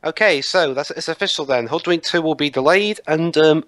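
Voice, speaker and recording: A man's voice: on the high side, normal speed, a bit bright, no room sound. A man hosting a casual group movie commentary, organizing the others with many ums and hesitations. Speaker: commentary host picking movies.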